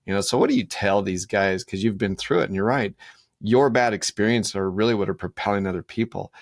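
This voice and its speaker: Low-voiced male podcast host, dry sound. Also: brisk, no room sound. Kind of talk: interview questions.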